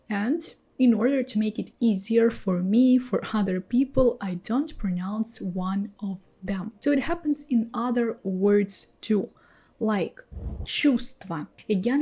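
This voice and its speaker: Slow, husky-voiced woman teaching language. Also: mid-range voice, warm tone. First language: Russian. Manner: slow, patient explanation with repeated example words. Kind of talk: explaining pronunciation rules.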